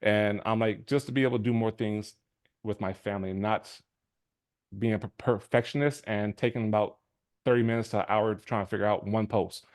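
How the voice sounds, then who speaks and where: A man with a low voice shares a casual testimonial. He talks in a relaxed, halting way, with a chuckle now and then. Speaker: guest giving a testimonial.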